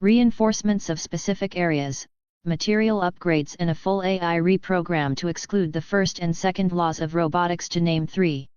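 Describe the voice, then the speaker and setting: A woman voicing a calm, precise female AI assistant giving matter-of-fact reports. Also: fairly low pitch, normal speed, clean tone, no room sound, highs cut off, lightly acted.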